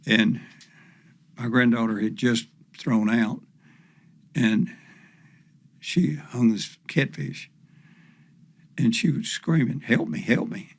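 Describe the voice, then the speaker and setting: A man's voice: medium pitch, steady tone, takes it slowly, pauses often, no room sound. An older man, a professional fisherman, telling stories as a podcast guest in a folksy, rambling way full of fillers. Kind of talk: storytelling in casual chat.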